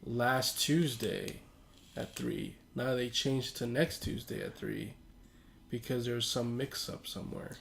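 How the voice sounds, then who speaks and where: Young male co-host, gravelly fry, easygoing and noncommittal, faint hiss behind. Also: mid-range voice, fairly even intonation, slow, fairly bright tone. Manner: laid-back, hedging, easygoing. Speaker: podcast co-host. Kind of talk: casual chat.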